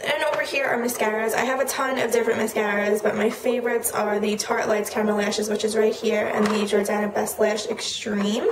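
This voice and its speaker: A woman's voice: medium pitch, flat delivery. Chatty young woman, echoey room. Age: young adult. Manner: chatty, lists items quickly with fillers. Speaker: beauty vlogger. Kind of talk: casual product walkthrough. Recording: echoey room with noticeable noise.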